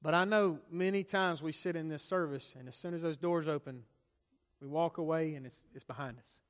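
A man with a high voice preaches a sermon in a church sanctuary. He moves from loud, stressed lines to hushed near-whispers and back. The sound rings with a long hall reverb. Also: a little fast. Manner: preaching with dramatic swings from loud to hushed, acting out quoted voices. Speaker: pastor.

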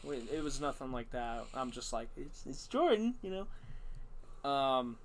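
A man's voice: medium pitch, steady tone, a little slow, fairly bright tone, a little hiss or hum. A man hosting a podcast, telling a story in a casual, rambling way, swearing often and filling gaps with "um" and "like". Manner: rambling, profane, many fillers and restarts. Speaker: podcast host.

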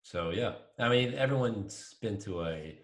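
A man's voice: lowish voice, lively intonation, a little slow. A man co-hosting a podcast in casual chat, teasing and cracking jokes. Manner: teasing, wisecracking. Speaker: podcast co-host.

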